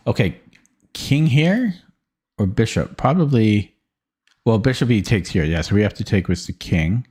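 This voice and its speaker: Expressive and a little mellow, a lowish male voice talks at normal speed while streaming chess. His commentary comes as hesitant thinking aloud, with frequent stammering and repetition.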